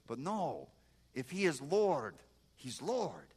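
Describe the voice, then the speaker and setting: A man's voice: medium pitch, normal speed. Older Moldovan man preaching his testimony. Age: 60s. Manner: broken English, animated storytelling, engages audience. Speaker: guest preacher. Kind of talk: testimony sermon.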